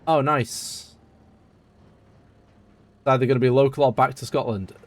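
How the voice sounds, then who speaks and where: A man's voice: mid-range voice, steady tone, measured pace. A man from the UK streaming a farming game, chatting casually and rambling as he answers his viewers. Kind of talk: casual live-stream chat while playing.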